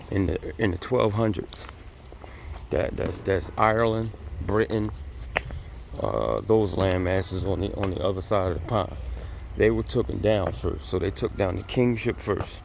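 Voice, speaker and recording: A man's voice: lowish voice, vocal fry, a little hiss or hum. A man vlogging from his car, preaching bluntly and cursing as he talks to his viewers. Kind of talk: casual religious rant to viewers.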